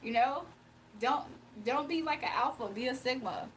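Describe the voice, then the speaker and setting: A young woman from Virginia hosting a casual livestream, reading comments aloud, emotional and quick to laugh. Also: high voice, slight background noise. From Virginia, USA. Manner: emotional, giggly, talks to chat. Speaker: livestream host.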